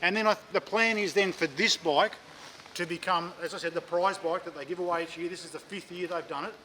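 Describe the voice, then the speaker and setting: A man's voice: sits high, brisk, sharp tone, a little hiss or hum. An Australian man, a motorcycle magazine editor, bantering casually on location, jokey and chatty, ending lines with "mate". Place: motorcycle dealership.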